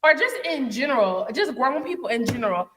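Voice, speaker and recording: A woman's voice: high voice, fairly quick, long reverb tail, noisy background. A young woman, co-hosting a podcast in casual chat, blunt and profane as she rants. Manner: blunt, profane, animated ranting. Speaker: podcast co-host.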